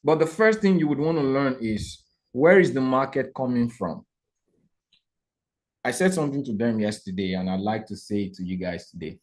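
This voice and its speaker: A man teaching a live trading lesson to viewers. He talks in an animated, preacher-like way, asks rhetorical questions and keeps checking in with his audience. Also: mid-range voice, normal speed.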